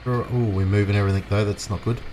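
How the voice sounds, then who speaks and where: A man's voice: lowish voice, steady tone, quick pace, dark tone, slight background noise. An Australian man giving casual, rambling commentary while livestreaming a farming game and chatting with his viewers. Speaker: livestream gamer. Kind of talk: casual live gameplay commentary.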